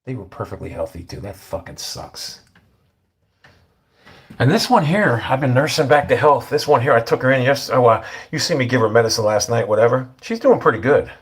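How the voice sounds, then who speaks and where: A man's voice: medium pitch, expressive, quick pace, hardly any pauses. Blunt, profane middle-aged man rambling. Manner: blunt, profane, rambling, often drops to a mutter. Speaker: vlogger. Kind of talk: casual rambling monologue.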